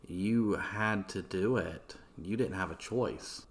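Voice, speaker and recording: एक आदमी पॉडकास्ट होस्ट के रूप में अनौपचारिक अंदाज़ में इतिहास की कहानी सुना रहा है, बीच-बीच में गालियों और "like" जैसे भराव शब्दों के साथ।. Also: male voice, low voice, takes it slowly, few pauses. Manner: casual, swearing, filler-heavy. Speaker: podcast host. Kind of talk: casual history storytelling.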